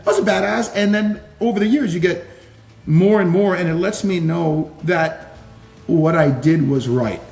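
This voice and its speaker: A former Marine officer, a man, telling stories as a guest in a casual interview, animated, laughing and swearing casually. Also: a little high, unhurried. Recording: roomy echo.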